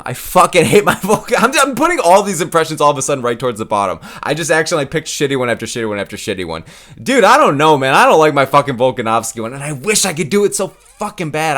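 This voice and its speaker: A man's voice: fairly high pitch, a bit bright. A young man hosting his own channel, talking casually, swearing freely and laughing often. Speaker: YouTube host. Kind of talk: casual profane chat.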